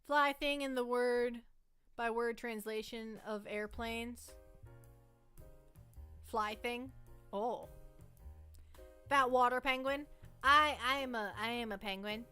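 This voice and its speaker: Young canadian girl streaming, high bright voice, rambly and chatty, bit of music in the back. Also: steady tone, takes it slowly, pauses often, clean tone. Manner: rambling, chatty, self-interrupting. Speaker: livestream host. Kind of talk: casual chat with chat.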